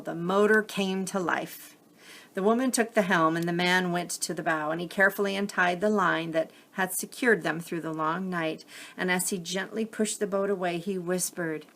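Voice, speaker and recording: Gravelly woman reading a picture book. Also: lowish voice. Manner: gentle, expressive. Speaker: storyteller.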